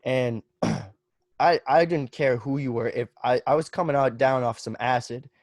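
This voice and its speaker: A young man in his twenties rambles through a story as a podcast guest, casual and profane, dropping "like" and "bro" constantly. His voice sits at an ordinary middle pitch. The recording is dry, with no room echo. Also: moderate pace. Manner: loose and profane, heavy on "like" and "bro". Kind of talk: casual chat.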